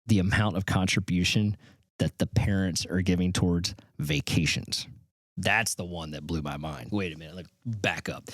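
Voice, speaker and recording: A man's voice: low voice, steady tone, moderate pace, no echo, studio quality. A middle-aged man hosting a podcast, giving casual, emphatic commentary on survey numbers with frequent restarts. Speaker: podcast host. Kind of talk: solo commentary on survey results.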